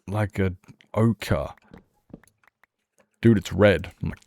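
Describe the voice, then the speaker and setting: A man's voice: fairly low pitch, big pitch swings, extremely slow, pauses often, darkish tone, dry recording. A man streaming a game, chatting loosely and laughing at himself. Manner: rambling, laughs often, self-mocking. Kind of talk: casual gaming stream chat.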